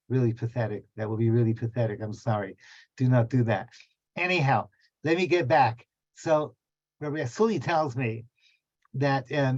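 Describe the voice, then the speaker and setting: A middle-aged rabbi speaks in a mid-pitched voice, teaching an informal class and wandering off into chatty asides full of fillers. The sound is dry and a little dull, recorded from a small back room at home. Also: male voice, darkish tone, no room sound.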